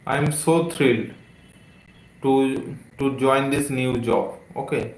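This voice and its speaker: A man teaching English words on a live stream, talking slowly with many fillers and repeated phrases. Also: medium pitch, steady tone, echoey room, low-quality recording. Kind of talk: live-streamed vocabulary lesson.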